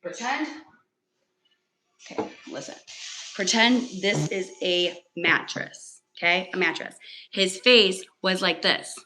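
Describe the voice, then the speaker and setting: A woman's voice: lowish voice, slow, pushed and bright, low-quality recording. A young woman talking casually on a livestream, telling a story in an emotional, rambling way with lots of fillers. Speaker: livestream host.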